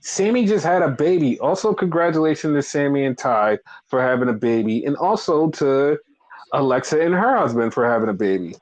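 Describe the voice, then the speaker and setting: A man's voice: on the high side, lively intonation, fairly quick, no echo, low-quality recording. A man co-hosting a casual wrestling podcast, ranting in a profane, exasperated way. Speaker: podcast co-host.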